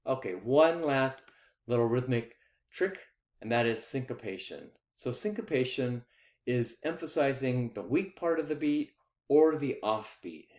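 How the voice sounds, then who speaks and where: A man giving a recorded music lesson, explaining rhythm patiently and counting beats out loud. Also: medium pitch, roomy sound. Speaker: music teacher.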